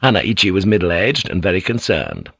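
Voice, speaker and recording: Fields: Sex: man. Role: audiobook narrator. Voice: low. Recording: dry and close. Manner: measured. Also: wildly swooping pitch, gravelly, fairly bright tone, breathy edge, no echo.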